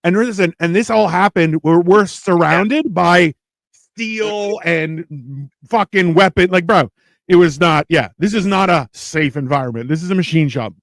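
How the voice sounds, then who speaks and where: A man's voice: high voice, measured pace, no echo, clean studio sound. A man co-hosting a casual podcast, telling profane stories and acting out what people said. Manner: animated storyteller, acts out quotes, profane. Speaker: podcast co-host. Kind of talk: casual storytelling chat.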